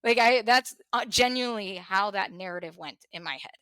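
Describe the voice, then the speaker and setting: A woman opens up in a candid podcast conversation, her voice bright and forceful. She circles back over her words, laughing wryly through the heavy moments. The sound is dry and close. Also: medium pitch, brisk, clean tone, no room sound. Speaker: podcast host.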